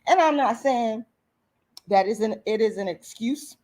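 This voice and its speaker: A woman's voice: on the high side, unhurried, a little mellow. A woman with a slight lisp and a strained throat, giving earnest casual commentary to her livestream viewers. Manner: earnest, repetitive, addresses viewers as y'all. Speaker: commentary vlogger.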